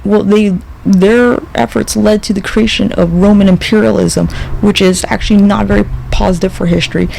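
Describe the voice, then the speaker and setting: High-pitched guy with a super gravelly voice, swearing a lot on his podcast, faint hiss. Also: a little mellow, poor audio. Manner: profane, rambling, sardonic. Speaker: podcast host. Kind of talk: casual podcast monologue.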